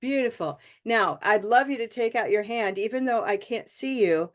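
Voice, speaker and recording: A woman's voice: on the high side, animated. Encouraging woman teaching pronunciation online. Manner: encouraging, models vowel sounds slowly. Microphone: video call.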